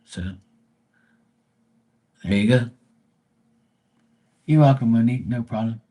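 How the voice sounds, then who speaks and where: A man's voice: mid-range voice, slow, dark tone. A man giving tarot readings on a casual live stream, joking, rambling and swearing freely.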